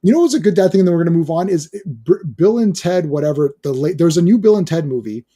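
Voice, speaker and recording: A man co-hosting a casual podcast chat about cartoons and movies, excitable and rambling. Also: on the high side, fast, slightly rough. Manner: excitable, rambling, jumps between topics. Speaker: podcast co-host.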